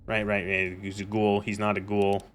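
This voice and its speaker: A man's voice: lowish voice, completely flat delivery, moderate pace, fairly bright tone, slight background noise. Exasperated, sweary male streamer. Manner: exasperated, sweary, lots of fillers. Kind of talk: casual gameplay commentary and rant.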